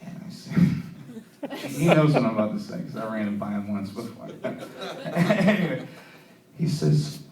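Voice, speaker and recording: Rambling, profane stand-up comic in a roomy club. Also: male voice, mid-range voice, expressive, normal speed, a crowd in the background. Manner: rambling, profane, heavy with "you know". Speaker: stand-up comedian. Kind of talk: open mic stand-up. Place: comedy club stage. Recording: roomy club sound from a distant mic.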